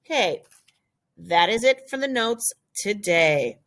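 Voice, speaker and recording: A woman teaching a recorded French lesson, jumping up high to model phrases and reading each one out. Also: lively intonation, slow pace, fairly bright tone.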